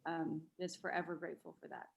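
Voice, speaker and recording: A woman's voice: low-pitched, level tone, fast talker, gravelly, dull audio, slight background noise. A woman on a video call speaking modestly and a bit self-deprecatingly about what she is thankful for. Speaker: call participant. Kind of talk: casual sharing.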